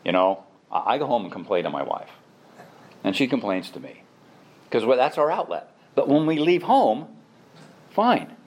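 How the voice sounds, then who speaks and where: A man's voice: medium pitch, very animated, normal speed, pauses often, darkish tone, slight background noise. A middle-aged man, a pastor, preaching a sermon with emphatic exhortation and self-deprecating asides.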